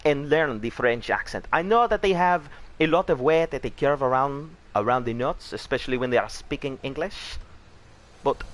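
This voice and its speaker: A man putting on a halting French accent while commenting on a video game. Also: mid-range voice, animated, fairly bright tone, voice pushed up, close to an everyday voice. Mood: earnest.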